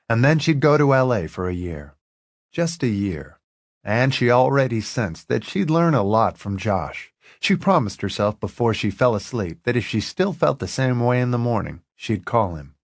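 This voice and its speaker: A man narrating an audiobook in an expressive, lively reading. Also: mid-range voice, no room sound, studio quality.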